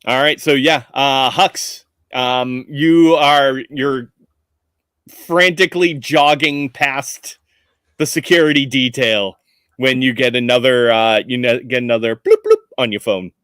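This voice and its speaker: A man's voice: medium pitch, steady tone, a little slow, a bit bright, clean tone, no room sound. A man running a tabletop game as game master, narrating scenes loosely with many fillers.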